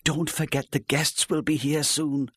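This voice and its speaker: A man voicing an anxious fifty-year-old wife who speaks softly and tentatively. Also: fairly high pitch, little pitch movement, unhurried, slightly rough, dry recording, clean studio sound, pitched above the performer's own voice. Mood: soothing. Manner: soft, tentative, pleading.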